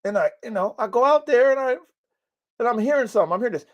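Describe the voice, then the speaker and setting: On a muffled recording with slight background noise, a man with a very high, expressive voice talks fast. The podcast host and dog breeder streams casually from his mountain home about his dogs, blunt and preachy, with lots of swearing and repetition for emphasis.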